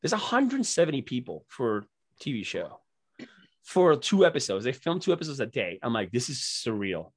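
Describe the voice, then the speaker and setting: A young man telling excited, profane stories as a podcast guest, laughing often. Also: mid-range voice, moderate pace, breathy edge. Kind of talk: casual storytelling.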